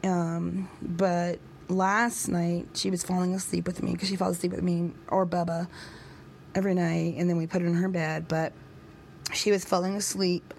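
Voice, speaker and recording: A woman's voice: lowish voice, little pitch movement, normal speed, vocal fry, darkish tone, a little hiss or hum. A woman in her thirties talking casually to her viewers on a vlog, rambling and hesitant, with lots of fillers and restarts. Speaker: vlogger.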